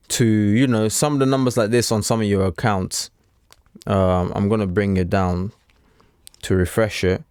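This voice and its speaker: A man's voice: lowish voice, a little mellow, no room sound, studio quality. A man talking casually to camera as a trading coach, chatty and repetitive, with streetwise slang. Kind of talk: casual unscripted talk to camera.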